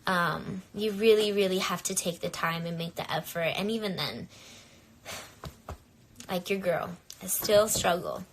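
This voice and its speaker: A woman's voice: on the low side, unhurried, long pauses, slight background noise. A young woman talking candidly into her phone on a live stream, rambling and peppering her speech with "like.". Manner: candid and rambling, full of filler "like". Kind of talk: casual live-stream chat.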